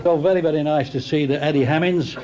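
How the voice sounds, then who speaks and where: A man's voice: on the high side, fairly even intonation, fast talker. A man giving a comic after-dinner speech, telling bawdy stories with stammering restarts. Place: crowded dinner hall. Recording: noisy banquet room with crowd.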